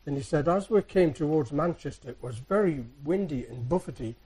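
A soft-spoken man preaching to his congregation in an easy, rambling storytelling way. His voice is husky and mellow, and a little higher than most men's. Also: animated, brisk, poor audio. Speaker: church speaker. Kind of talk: anecdotal sermon.

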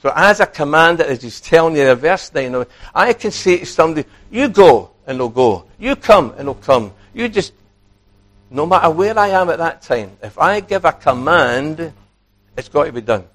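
A man preaching a sermon, animated, acting out quoted speech and putting questions to his listeners. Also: on the high side, normal speed.

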